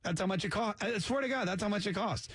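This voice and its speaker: A man's voice: high-pitched, quick pace, fairly bright tone, breathy edge, dry recording. A man hosting a talk radio show, talking casually with sarcastic jokes and asides. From Canada. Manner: sarcastic, mocks accents with jokey asides. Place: radio studio.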